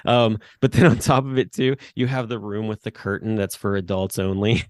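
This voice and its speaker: Here a podcast co-host in his thirties rambles through casual chat, stumbling over fillers and restarts. He has a fairly low, slightly mellow voice with little pitch movement and a normal speed. The studio sound is clean, with no room sound.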